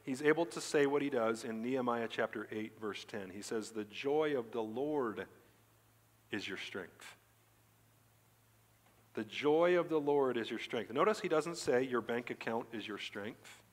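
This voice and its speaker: A male pastor giving a Sunday sermon, preaching emphatically and breaking into animated, excited stretches. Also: mid-range voice, measured pace. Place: church sanctuary. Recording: church hall reverb.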